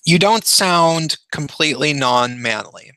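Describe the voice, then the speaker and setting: Male stream host for a casual call: forceful bright tone, higher register, dry sound, wandering delivery full of fillers. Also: expressive, unhurried, smooth, no echo. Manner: rambling, many fillers and restarts.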